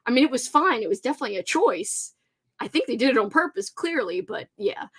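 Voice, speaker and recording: Bubbly higher-voiced woman chatting on a livestream. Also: big pitch swings, brisk, breathy edge. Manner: bubbly and gushing, laughs often, many "like" fillers. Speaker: host of a reading livestream. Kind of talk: casual livestream chat, reading out viewer comments.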